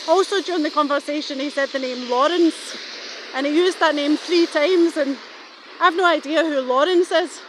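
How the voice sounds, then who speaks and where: Woman, middle-aged, high voice, rambling and suspicious, filmed while out walking. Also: a bit bright, slight background noise. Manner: rambling, suspicious, swears casually. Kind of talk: rambling walking vlog monologue. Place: outdoors, walking.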